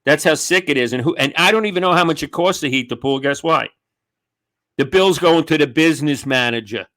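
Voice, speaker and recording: A man's voice: fairly high pitch, brisk, sharp tone. A man with a New York accent telling a story animatedly on a video call, swearing and acting out quoted voices. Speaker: comedian guest. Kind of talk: casual storytelling chat.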